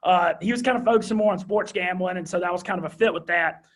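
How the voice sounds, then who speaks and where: A young man with a thick Southern drawl, telling his story as an interview guest in a high-energy, animated way. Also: fast talker. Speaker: guest, radio host.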